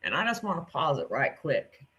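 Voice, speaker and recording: A male commentator with a fairly high, sharp, bright voice reacts to clips he plays. He sounds indignant and curses freely. He speaks straight to the person he is criticizing. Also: wildly swooping pitch, moderate pace, slightly rough, dull audio. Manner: indignant, cursing, addresses the subject directly.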